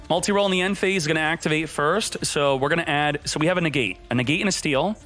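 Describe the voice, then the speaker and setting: A hyped-up man calls his card game play by play, joking and talking to himself as he goes. His voice sits a little high for a man. Faint game music plays under him. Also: fairly quick, a bit bright. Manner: hyped, jokey, talks to himself while playing. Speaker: gaming streamer. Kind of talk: excited gameplay commentary.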